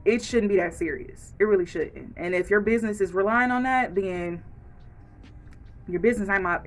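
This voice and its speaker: A woman vlogger, talking straight to camera in a frank, lively rant. She keeps her pitch mid-range, and slips into little voices to act out what others say. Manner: frank and animated, acts out quoted lines.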